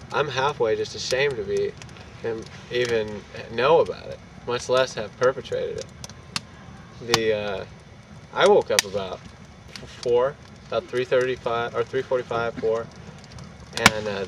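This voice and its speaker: A man telling a casual anecdote in an animated, profane way, acting out what people said. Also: mid-range voice, moderate pace. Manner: animated, profane, acts out quotes. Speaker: storyteller. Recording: distant mic, loud street and traffic noise.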